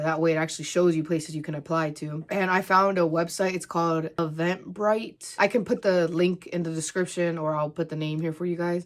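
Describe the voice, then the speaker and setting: A young woman vlogging from home, talking casually and emotionally to the camera, teary at times, with many "like" fillers. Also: fairly low pitch. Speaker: crochet vlogger.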